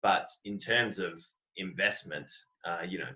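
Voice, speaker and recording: His voice sits low, bright and forceful, and he takes his time. This Australian wrestling coach, interviewed on a podcast over dull lo-fi audio, speaks with earnest reflection and often repeats words as he thinks.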